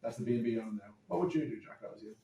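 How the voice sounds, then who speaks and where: A young Irish man tells a comic story at a rapid clip, full of dramatic asides. His voice is mellow and low in brightness. It comes from a distance in a roomy space, recorded on a phone with faint hiss. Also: expressive. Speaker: guest storyteller. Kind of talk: comic anecdote on a podcast.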